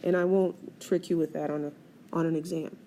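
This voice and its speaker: Woman, chemistry teacher, mellow warm voice, screencast lecture, questions to the class. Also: deep voice, steady tone, a little fast, a little hiss or hum. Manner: explains step by step, asks the class questions. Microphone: tablet screencast recording.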